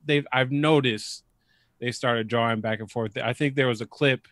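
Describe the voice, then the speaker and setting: A laid-back man co-hosts a casual sports podcast. He speaks in a halting way, often restarting his sentences. The sound is dry and close. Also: mid-range voice, fairly even intonation, fairly bright tone, no echo. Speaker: podcast co-host.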